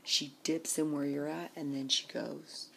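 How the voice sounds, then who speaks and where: Exasperated low-voiced woman ranting. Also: little pitch movement, measured pace, gravelly, noisy background. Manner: exasperated, complaining, drops to whispers. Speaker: vlogger. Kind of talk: ranting casual vlog.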